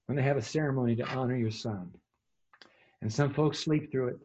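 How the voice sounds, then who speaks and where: A man preaching a sermon as a vivid story, dropping to a hush at tense moments. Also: medium pitch, fairly quick, muffled recording, a little hiss or hum. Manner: vivid storytelling with sudden hushed drops.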